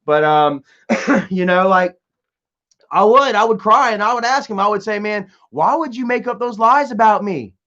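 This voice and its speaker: Young guy streaming, kinda high voice, rambly, keeps restarting, muffled lo-fi audio. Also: animated, moderate pace, fairly bright tone. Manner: rambling, repetitive, stumbles and restarts, reads out viewer comments. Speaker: live streamer reading chat. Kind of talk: casual live stream chat.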